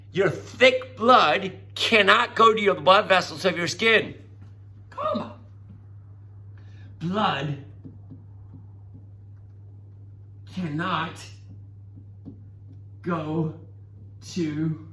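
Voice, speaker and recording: A middle-aged man giving a classroom lecture, coaxing and animated, acting out voices as he explains. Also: high voice. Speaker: teacher.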